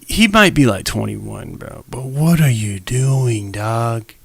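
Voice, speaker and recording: Young man, live-stream reaction commentary, gravelly voice, mid pitch, animated and slangy. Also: takes it slowly, few pauses, dry recording. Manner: animated, slangy, talks straight to the viewers.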